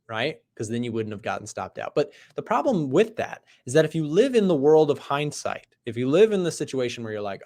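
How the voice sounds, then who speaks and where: A man hosting a live trading stream, talking casually through charts, animated and emphatic, often checking in with "right?". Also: medium pitch, brisk. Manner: conversational, asks "right?" often; animated, emphatic, loud bursts. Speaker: trading livestream host. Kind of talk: live market commentary.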